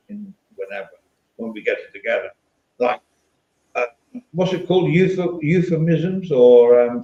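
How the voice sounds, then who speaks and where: A man's voice: mid-range voice, a little mellow, roomy sound, dull audio. An English man hosting a casual podcast chat, rambling and swearing now and then. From England. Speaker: podcast host.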